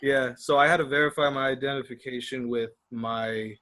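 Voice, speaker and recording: A young man casually telling a rambling, animated story on a podcast with friends. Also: medium pitch, normal speed, poor audio. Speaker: podcast co-host.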